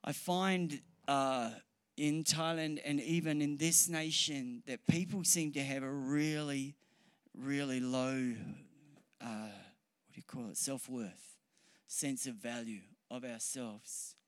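A man preaching a sermon, often restarting his sentences, then building to loud, fast, passionate appeals. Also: mid-range voice, steady tone, clean tone, dry recording.

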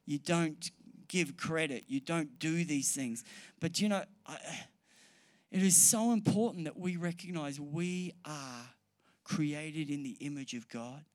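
A man preaching a sermon, often restarting his sentences, then building to loud, fast, passionate appeals. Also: on the high side, no room sound.

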